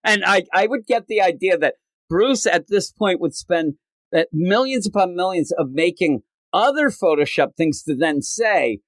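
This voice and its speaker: A man's voice: high-pitched, expressive, normal speed, dry recording. A man co-hosting a casual comic book podcast, retelling scenes and acting out characters' lines in changing voices. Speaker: podcast co-host.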